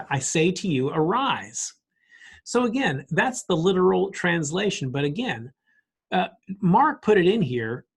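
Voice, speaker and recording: A middle-aged man with a husky, slightly high voice teaches a church Bible study class. He keeps it conversational and self-deprecating, acting out little examples as he goes.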